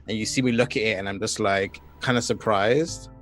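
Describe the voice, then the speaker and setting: A man's voice: lowish voice, fairly even intonation, fairly quick, a bit bright, faint music behind. A man playing in a tabletop game, describing his character in a casual way full of fillers. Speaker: player. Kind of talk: tabletop role-play chat.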